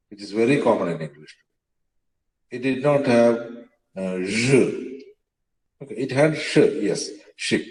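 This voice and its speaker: A man gives a lecture, pausing often and spelling out words letter by letter. His voice sits fairly low, and he speaks very slowly. The room adds a noticeable echo. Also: a little mellow. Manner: slow, hesitant, many fillers, spells words out letter by letter. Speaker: teacher. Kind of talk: lecture on language history.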